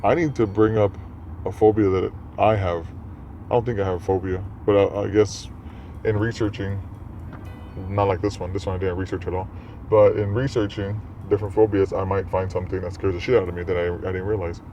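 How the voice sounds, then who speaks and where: A man's voice: deep voice, steady tone, fairly quick, dark tone. A man hosting a podcast alone, rambling casually and talking straight to his listeners. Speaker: podcast host. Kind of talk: casual solo monologue. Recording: muffled lo-fi recording, faint noise.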